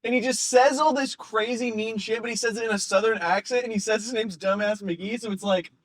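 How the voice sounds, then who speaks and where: Man, high-pitched, animated rambling storyteller, dry close sound. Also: a little fast, dry recording. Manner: rambling, laughs often, animated. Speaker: comedian guest. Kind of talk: casual chat, storytelling.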